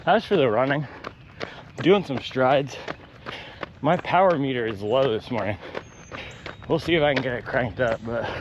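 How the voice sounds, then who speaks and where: A man's voice: mid-range voice, normal speed, pauses often, lo-fi sound, background noise. A man vlogging outdoors while out on a run, talking in wry, ranting asides between strides. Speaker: running vlogger. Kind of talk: casual vlog monologue while running.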